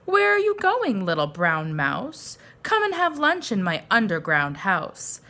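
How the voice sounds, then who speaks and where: A woman's voice: medium pitch, wildly swooping pitch, a little slow, bright, forceful tone, exaggerated voice. A woman voicing a sly, hungry male fox in a storybook read-aloud. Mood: coaxing.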